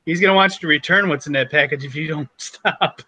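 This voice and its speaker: Male co-host, crisp bright voice, jokey and teasing, reads the chat. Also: fairly high pitch, brisk, no room sound. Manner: teasing, cracks jokes, reads chat comments aloud. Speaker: podcast co-host. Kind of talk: casual chat.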